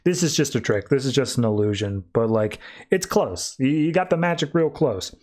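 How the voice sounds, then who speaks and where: A man with a mid-range voice hosts a comic review podcast. He retells the plot in an easygoing, chatty way, full of "like" and quick paraphrased lines for the characters. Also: medium pitch, lively intonation, a little mellow. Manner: chatty retelling with frequent "like" quotes. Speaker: podcast host. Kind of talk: casual comic book review.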